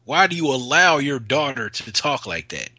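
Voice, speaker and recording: Husky, bright-voiced man riffing casually. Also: medium pitch, very animated, moderate pace, no room sound. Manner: loose, profane, laughs often, riled up. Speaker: co-host. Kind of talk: casual podcast banter.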